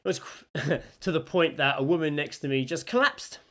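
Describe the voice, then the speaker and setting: A man's voice: fairly high pitch, brisk, pushed and bright. A man co-hosting a podcast, telling a story in casual chat and acting out the people he quotes. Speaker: podcast co-host.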